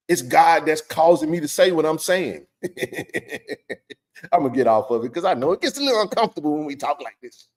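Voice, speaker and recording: A middle-aged man hosting a live sports stream, talking with passionate, blunt, emphatic energy and plenty of slang. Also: mid-range voice.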